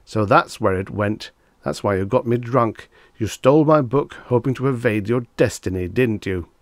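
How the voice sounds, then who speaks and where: A man's voice: on the low side, moderate pace, no echo, clean studio sound, close to an everyday voice. A man voicing a flustered, tipsy male figure of Death who wails and frets. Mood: accusing. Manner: anxious, wailing complaints.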